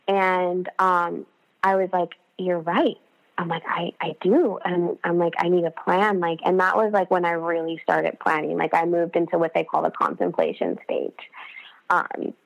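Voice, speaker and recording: Gravelly-voiced woman telling her story. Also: fairly low pitch, highs cut off. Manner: rambling, frequent fillers and restarts, animated quoting. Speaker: podcast guest. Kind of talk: candid personal storytelling.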